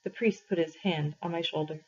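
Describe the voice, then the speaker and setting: A woman reads a novel aloud to her class in a calm, measured storytelling voice. Her tone is husky and a little breathy. The recording sounds dull and lo-fi. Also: low voice. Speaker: teacher reading aloud.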